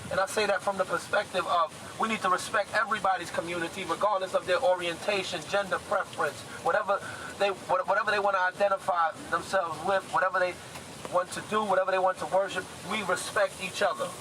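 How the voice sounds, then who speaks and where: A man's voice: high-pitched, steady tone, quick pace. A man in his twenties giving an impassioned, urgent protest speech outdoors, repeating his points with force. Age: 20s. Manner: fervent, repetitive, urgent. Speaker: rally speaker. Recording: loud crowd and street noise.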